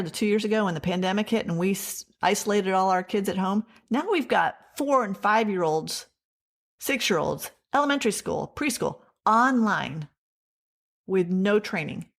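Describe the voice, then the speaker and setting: A woman telling her personal story as an interview guest, animated and acting out the dialogue she quotes. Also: medium pitch.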